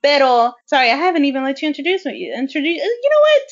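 Hyper high-voiced woman podcast host. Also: big pitch swings, fast, lo-fi sound. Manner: hyper, chatty, lots of "like" and "you know". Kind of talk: casual podcast chat.

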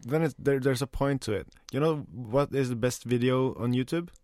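A man's voice: medium pitch, normal speed, darkish tone, dry recording, clean studio sound. A man with a Texas accent co-hosting a podcast, laid-back and crude in casual banter. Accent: Texan. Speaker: podcast co-host.

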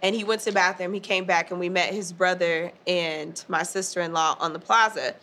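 Woman, casual storytelling, animated, laughs often, bright voice. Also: fairly low pitch, a little fast. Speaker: guest telling her proposal story.

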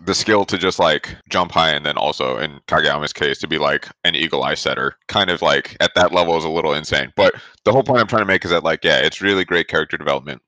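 A man's voice: rumbling low, quick pace, hardly any pauses, sharp tone, no room sound. A man hosting a casual podcast over a remote call, easygoing and talkative, explaining at length. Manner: easygoing, explains at length, acts out quoted lines. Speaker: podcast host. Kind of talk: casual chat.

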